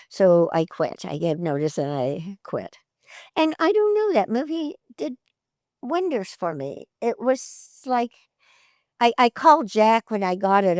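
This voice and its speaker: An older actress in an interview, telling stories in a chatty, animated way, often laughing and jumping her voice up for quoted lines. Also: medium pitch, dry recording, studio quality. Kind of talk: conversational storytelling interview.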